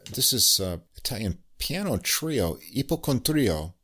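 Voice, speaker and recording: A man hosting a jazz podcast, chatting casually about new piano records with lots of "uh" pauses. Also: medium pitch, husky. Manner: relaxed, many "uh" pauses, enthusiastic. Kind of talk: casual music review chat.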